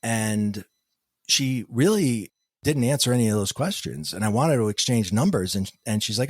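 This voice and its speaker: A middle-aged man, a podcast guest, telling a personal story in an animated way and acting out the quoted dialogue. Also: on the low side, moderate pace, dry recording, clean studio sound. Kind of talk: storytelling interview answers.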